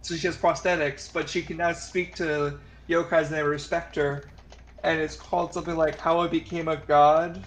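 A man's voice: on the high side, little pitch movement, moderate pace, a little hiss or hum. A man chatting with friends while gaming, rambling with many hesitations. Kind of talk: casual chat while gaming.

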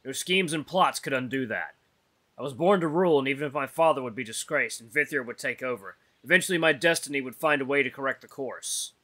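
A man's voice: mid-range voice, brisk, pushed and bright. A man voicing a serious young male wolf heir as he reads a visual novel aloud, with an earnest, solemn delivery. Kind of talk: voiced visual novel reading.

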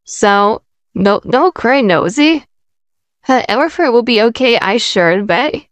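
Gentle, caring friend, played by a woman. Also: fairly high pitch, lively intonation, unhurried, no echo. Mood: reassuring. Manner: gentle, reassuring. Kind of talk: casual fan roleplay.

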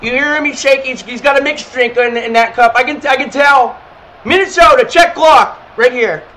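A young man streaming a football video game, teasing his opponent with playful trash talk between quick play calls. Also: very high-pitched, fairly even intonation, noisy background. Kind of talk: casual gaming stream chat.

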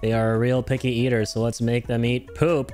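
A man streaming a video game, reacting loudly to his chat, swearing, laughing and yelping in surprise. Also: a little fast, faint music behind. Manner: excitable, swears, frequent laughs and sudden high yelps.

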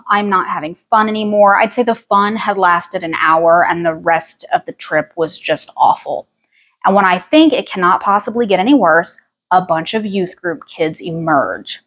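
A woman's voice: lowish voice, moderate pace, fairly bright tone. A woman, telling a personal story with wry asides on a storytime vlog. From Ozarks, United States. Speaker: vlogger.

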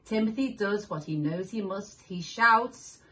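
Children's story reader, a woman, animated with animal noises, bright tone. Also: mid-range voice, measured pace. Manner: animated, with sound effects and questions to the listener. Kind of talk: reading picture books aloud to young children.

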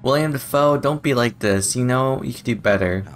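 A man's voice: medium pitch, normal speed, faint music behind. Profane young man commenting on a game. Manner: profane, excitable, laughing often. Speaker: gaming YouTuber. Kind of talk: let's play commentary.

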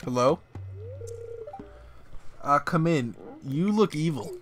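A man giving casual, excitable commentary while playing a video game, often bursting into loud exclamations. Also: a little high, slow pace, a little hiss or hum. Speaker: let's play host.

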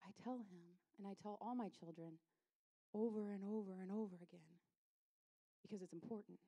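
A woman pastor giving a lively, self-deprecating sermon, repeating lines for emphasis. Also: medium pitch, normal speed, no room sound.

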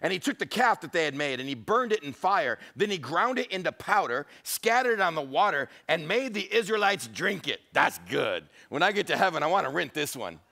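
A man's voice: on the high side, big pitch swings, brisk, gravelly, few pauses, sharp tone. A male pastor preaching a humorous, storytelling sermon.

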